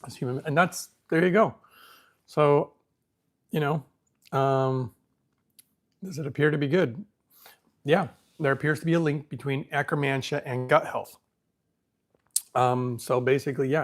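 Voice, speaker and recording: A man hosting a casual live question-and-answer stream, thinking aloud as he reads from the screen and talking with easy self-assurance. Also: mid-range voice. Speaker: livestream host answering viewer questions.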